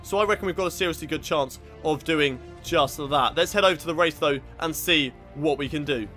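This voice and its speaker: Brief: young British gamer guy, high-pitched, sweary and easily riled, live racing commentary over faint game music. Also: fairly quick. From Britain. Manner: frustrated, sweary, shouts at rival drivers. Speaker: gaming YouTuber.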